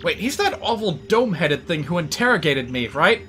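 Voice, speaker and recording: A man voicing a curious, spirited young princess in a raised, lively voice. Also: normal speed, a little hiss or hum. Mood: surprised. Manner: lively, higher put-on voice.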